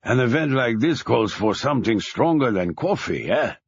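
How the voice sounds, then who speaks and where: A man voicing a big, jovial middle-aged German father who speaks with a heavy German accent and a hearty, booming manner. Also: sing-song, moderate pace, breathy edge. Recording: dull lo-fi recording.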